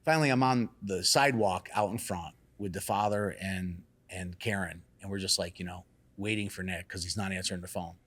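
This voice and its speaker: A man, a salon owner, telling a story in casual chat, animated and cursing freely. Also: low-pitched, brisk. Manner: animated, acts out quotes in raised excited voices. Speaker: salon and barbershop owner, guest.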